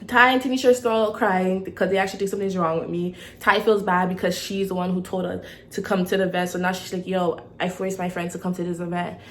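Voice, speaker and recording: A young woman tells a story to her vlog viewers in a lively way, often asking "okay?". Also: lowish voice, quick pace, slight background noise. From Toronto, Canada. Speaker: vlogger.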